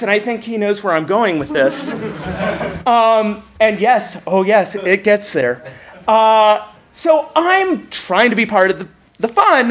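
Animated self-mocking comic storyteller. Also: medium pitch, takes it slowly. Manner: animated, self-mocking, laughs while telling; frequent restarts and stammers. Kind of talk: comedic personal storytelling.

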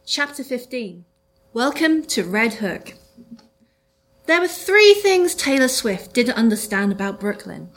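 A woman's voice: on the high side, very animated, unhurried. A woman reading her own comic detective story aloud to a live audience, with a dry delivery.

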